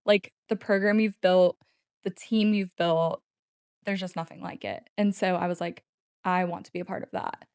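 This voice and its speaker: A woman's voice: fairly low pitch, animated, normal speed, darkish tone, smooth, dry recording, studio quality. A woman appearing as a guest on a podcast and chatting casually, eager and upbeat. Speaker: podcast guest, executive assistant.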